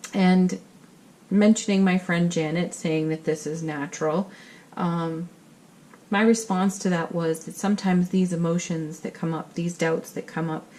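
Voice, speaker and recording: A woman's voice: fairly low pitch, a little hiss or hum, rough recording. Soothing woman giving a tarot reading. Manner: gentle, soothing and reassuring. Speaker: tarot reader.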